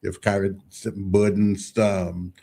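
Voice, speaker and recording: Low, gravelly radio host. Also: male voice, flat delivery, slow, warm tone. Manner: searching, restarts questions. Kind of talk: radio interview.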